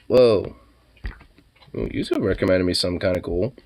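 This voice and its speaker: A young man with a lively, bouncy voice, chatting in a laid-back, rambling way. He often slips into high, cooing baby talk for his dog. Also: moderate pace, a little hiss or hum. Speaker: vlogger. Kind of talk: casual chat.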